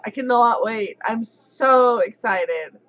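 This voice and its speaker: A woman in her thirties chats on a home livestream in a high, bright voice. She is giddy, giggly and excitable, talking to viewers the whole way through. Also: slow, highs cut off. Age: 30s. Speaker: livestream host. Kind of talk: casual live chat.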